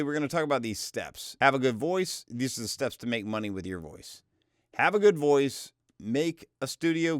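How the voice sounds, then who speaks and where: A man's voice: medium pitch, no echo, studio quality. A man from the United States coaching beginners on voiceover work, walking through steps in an upbeat, emphatic way. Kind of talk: instructional walkthrough.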